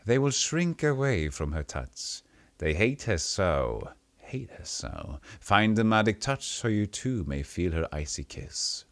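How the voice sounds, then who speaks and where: A man doing a gravelly old seer woman. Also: fairly low pitch, sing-song, fairly bright tone, no echo, full character voice. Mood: chanting. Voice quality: gravelly, song-like. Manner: slow, hissing emphasis.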